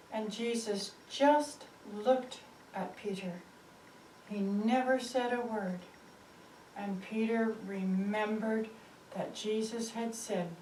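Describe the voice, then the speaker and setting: A woman telling a Bible story slowly and expressively, with dramatic rises and drops. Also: on the high side, darkish tone, a little hiss or hum. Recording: roomy, distant mic, faint ambience.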